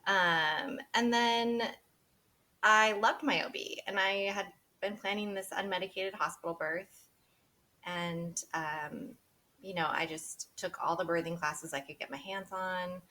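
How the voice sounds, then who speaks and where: A woman's voice: lowish voice, steady tone, a little slow, pushed and bright, slight background noise. A woman in her thirties, a podcast interview guest, telling her personal story candidly and with feeling, laughing often and quoting what she and others said.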